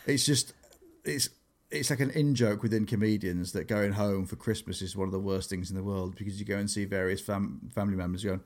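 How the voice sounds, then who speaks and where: A man's voice: lowish voice, a little fast. A man, a comedian telling stories in casual podcast chat and acting out what people said. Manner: animated storytelling, acts out quotes.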